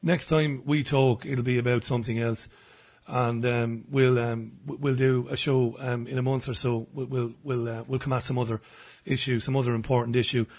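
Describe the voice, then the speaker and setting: Husky man, measured interview host. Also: mid-range voice, level tone, darkish tone. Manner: measured and conciliatory. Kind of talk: radio interview.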